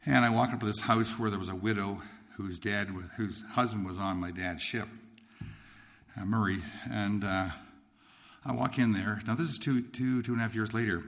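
A man's voice: fairly low pitch, fairly even intonation, moderate pace, gravelly, fairly bright tone. A man from Nova Scotia telling his life story as a testimony, rambling with many restarts and repeated words. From Nova Scotia, Canada. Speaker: speaker sharing his testimony.

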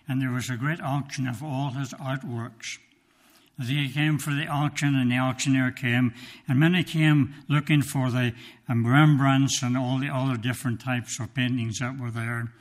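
A man delivers a sermon in a slow, emphatic voice of ordinary pitch. He tells his story with dramatic pauses and now and then checks his notes. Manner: reads from notes. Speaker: preacher.

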